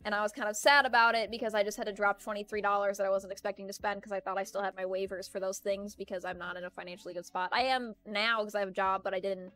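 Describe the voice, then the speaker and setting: A woman's voice: medium pitch, steady tone, fast talker, few pauses, a bit bright, faint music behind. A young woman chatting casually and rambling while streaming a video game, laughing often. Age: young adult. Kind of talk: casual gaming stream chat.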